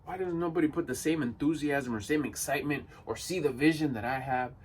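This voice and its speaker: A man's voice: fairly high pitch, brisk, distant mic, a little hiss or hum. A man giving a blunt, emphatic motivational monologue to camera. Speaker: motivational vlogger.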